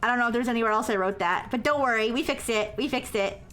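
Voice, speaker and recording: A woman's voice: quick pace, fairly bright tone, faint music behind. A woman live-streaming, explaining a math problem step by step to her chat and checking in with "okay?" after each step, turning apologetic when corrected. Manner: self-described as highly caffeinated.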